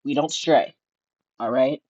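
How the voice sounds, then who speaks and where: A streamer giving casual reaction commentary, mocking and animated, laughing often and shrieking at times. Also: medium pitch, slow pace, no room sound, dull audio.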